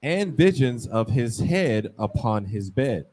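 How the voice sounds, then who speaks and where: A man reading scripture aloud to a class, slow and measured. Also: medium pitch, sing-song, a little mellow. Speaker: scripture reader.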